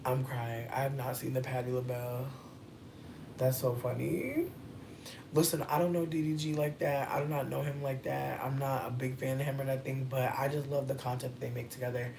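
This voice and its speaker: A woman in her thirties chatting casually on a livestream and answering chat, playful and profane, with drawn-out emphasis. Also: extremely low pitch, level tone, vocal fry, noisy background. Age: 30s.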